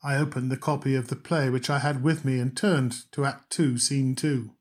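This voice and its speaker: A man's voice: mid-range voice, steady tone, moderate pace, a little mellow. A man reading a humorous story aloud, narrating in a dry, understated way.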